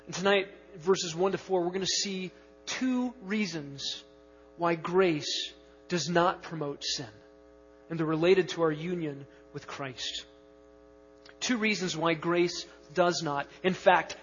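A man preaching a sermon as pastor, emphatic, stretching key words slowly and rushing through asides. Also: on the high side. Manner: emphatic, swings between slow stressed words and quick asides. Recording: dull lo-fi sound with long reverb in a hall.

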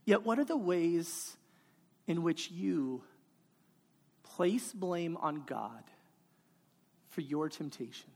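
A woman's voice: fairly low pitch, expressive, takes it slowly, pauses often, darkish tone, slightly rough. A woman preaching a sermon in an emphatic, repetitive cadence, building her points line by line. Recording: hall reverb.

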